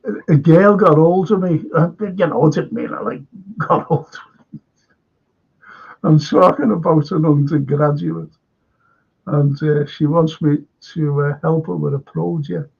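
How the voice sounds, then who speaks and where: A man's voice: on the high side, measured pace, gravelly, a little mellow, husky, highs cut off. A man with a Scouse accent hosting a live stream, chatting casually in a rambling, stop-start way and reading out viewer comments.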